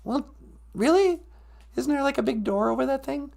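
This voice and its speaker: A woman's voice: sits high, expressive, moderate pace, creaky, darkish tone. Teasing woman co-host. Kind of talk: casual chat.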